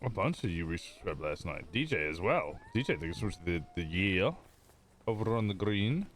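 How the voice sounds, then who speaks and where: A man with a low voice livestreams a roleplay game, chatting casually with viewers in a rambling way and often interrupting himself. He sounds very animated and speaks at a moderate pace, with a faint hiss or hum in the background.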